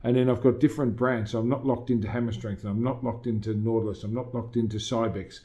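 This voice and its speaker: With a warm, steady, medium-pitched voice and a quick pace, a middle-aged Australian gym owner talks in a casual interview. He is emphatic and motivational as a guest and keeps quoting himself.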